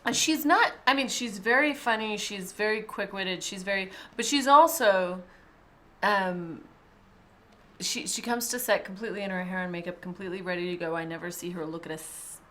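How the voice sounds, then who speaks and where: A woman's voice: mid-range voice, normal speed, pushed and bright. A woman in her thirties, a film director, chatting animatedly in a press interview with restarts and laughter.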